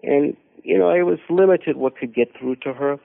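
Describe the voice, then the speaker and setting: A man telling a personal story as a guest on a radio conversation, halting and repeating words as he searches for them. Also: on the high side, creaky. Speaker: mission team leader, radio guest. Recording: narrow phone-like radio audio.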